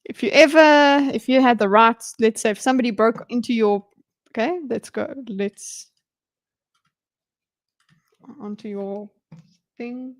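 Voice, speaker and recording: A woman streamer with a slightly high voice chats casually while breaking down a debate. She reads lines aloud, mutters notes to herself and drops joking asides. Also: moderate pace. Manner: chatty, muttering asides while reading along. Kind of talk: casual livestream commentary.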